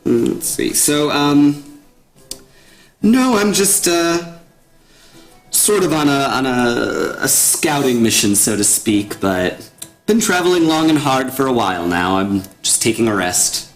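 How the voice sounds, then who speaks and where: A man's voice: mid-range voice, expressive, slow pace, soft background music, pitched above the performer's own voice. A man voicing a tired, easygoing male traveler who chats with hesitant, friendly talk. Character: weary male traveler resting at an inn.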